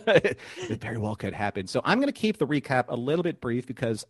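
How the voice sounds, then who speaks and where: Animated, joking podcast host man. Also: mid-range voice, a little fast, slightly rough, dry recording, studio quality. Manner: playful, jokey, laughs at his own puns. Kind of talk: live podcast chat and episode recap.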